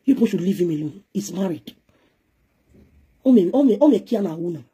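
A woman's voice: medium pitch, animated, normal speed, mellow, breathy edge. A woman with a Nigerian Pidgin accent, giving a heated, scolding live-stream rant as a presenter, switching between pidgin and English.

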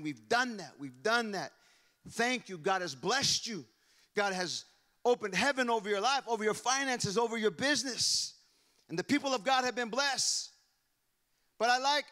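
A male pastor preaching a fervent sermon in a church, declaring and chanting lines to the congregation and often shouting. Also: a little high. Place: church sanctuary.

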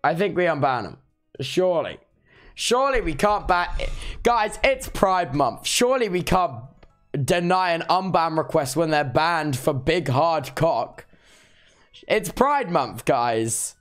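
A man's voice: fairly high pitch, lively intonation, takes it slowly, soft background music. A sleep-deprived man streaming casually, reacting playfully and teasing his chat as he reviews unban requests. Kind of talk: casual livestream commentary.

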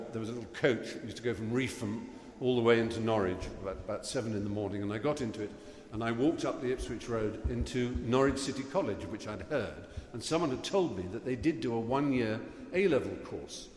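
A middle-aged man from England giving a wry, anecdotal graduation speech at a podium, halting now and then with fillers. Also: mid-range voice, a little mellow. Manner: wry, self-deprecating storyteller, halting with fillers. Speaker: graduation guest speaker. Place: large hall. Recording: echoey hall with long reverb, faint room noise.

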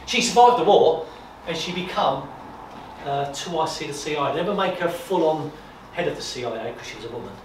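A man giving an informal talk at an exhibition, telling stories in a chatty, animated way with repetitions and asides. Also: on the high side. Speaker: guest speaker on wartime history. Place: exhibition room. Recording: echoey room from far off, noisy.

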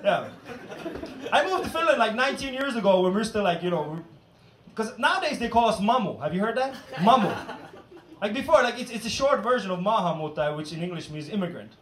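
A man's voice: sits high, big pitch swings, fast. A man doing stand-up comedy in front of a live audience, with a brash, profane and punchy delivery. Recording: echoey room, far mic, loud crowd and noise.

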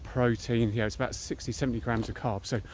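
A man's voice: medium pitch, fairly even intonation, brisk, darkish tone, a little hiss or hum. Chatty British man vlogging outdoors. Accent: British English. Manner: chatty, blunt, slangy. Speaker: fitness vlogger. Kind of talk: casual chat while walking outdoors. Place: outdoors in a park and woods.

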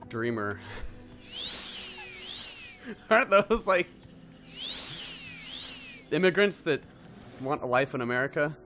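A man's voice: fairly high pitch, expressive, a little slow, pauses often, music in the background. A man hosting a let's play, giving reactive gameplay commentary and exclaiming at what happens in the game.

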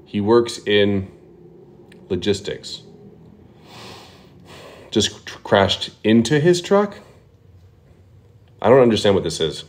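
A man hosting a prank call livestream, talking quickly and offhandedly with some swearing. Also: fairly low pitch, sing-song. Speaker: prank call streamer host. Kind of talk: casual livestream chat.

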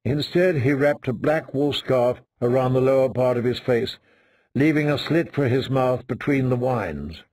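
A man narrating an audiobook in a slow, measured reading. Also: mid-range voice, a little mellow, dry recording. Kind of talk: scripted narration.

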